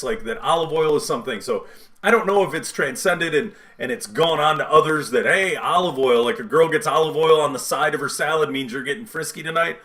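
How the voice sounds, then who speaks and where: Male podcast host, rambling story, frank, animated, slightly high voice, lots of fillers. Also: fairly quick. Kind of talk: casual storytelling.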